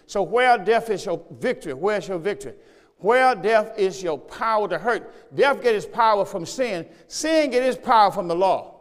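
Preaching at normal speed, this pastor has a high, bright male voice and an expressive delivery. He repeats each point to drive it home and pulls the congregation into call and response, while the sanctuary lends his voice a long reverb.

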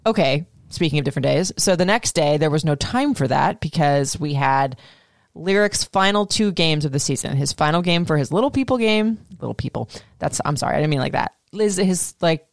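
A woman in her thirties, co-hosting a casual chat, animated and swearing freely. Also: deep voice, a little fast, creaky, no echo, studio quality. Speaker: podcast co-host.

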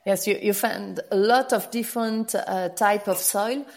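A woman, a wine grower answering interview questions, pausing often to search for words. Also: medium pitch, gravelly, a little hiss or hum. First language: French.

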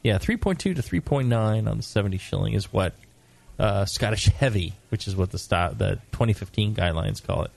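Animated, gravelly American man co-hosting. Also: on the low side, fairly quick. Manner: animated, joking, mock-gruff put-on voices. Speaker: podcast co-host, brewing expert. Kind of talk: casual chat.

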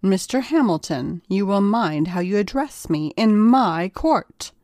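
A woman's voice: medium pitch, animated, unhurried, darkish tone, dry recording, clean studio sound, close to an everyday voice. A woman voicing a stern, irritable male judge who speaks in curt, commanding lines. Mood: stern irritated.

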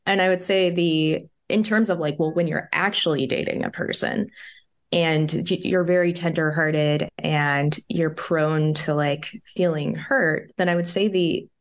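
Low-voiced woman therapist, chatty and rambling. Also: fairly even intonation, a little slow. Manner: chatty storytelling, full of "like" fillers. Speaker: psychotherapist and coach, podcast guest. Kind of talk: casual interview chat.

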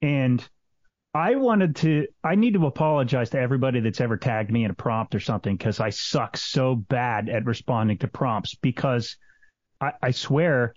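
Brief: male co-host, teasing, self-deprecating, mid pitch, muffled lo-fi sound. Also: moderate pace, no room sound. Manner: joking, self-deprecating, restarts sentences. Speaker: podcast co-host. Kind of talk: casual chat. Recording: dull lo-fi dry audio.

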